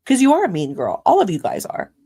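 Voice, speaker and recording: A woman's voice: a little high, wildly swooping pitch, fast talker, dark tone, husky. Heated woman ranting on a livestream. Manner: heated, profane, ranting at chat. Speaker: livestream host. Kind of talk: angry livestream rant.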